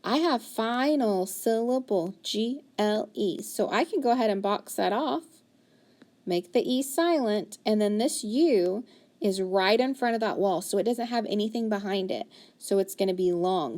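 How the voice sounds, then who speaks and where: Woman teacher, slow and deliberate, breaks words into sounds for young readers. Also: medium pitch, animated, a little mellow. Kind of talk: phonics lesson, decoding words aloud.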